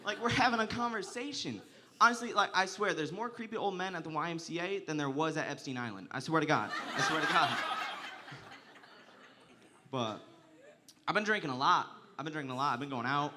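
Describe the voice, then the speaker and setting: A man's voice: fairly high pitch, animated, quick pace, bright, forceful tone. A young man performing a stand-up comedy set, telling crude, profane stories and often laughing through his lines.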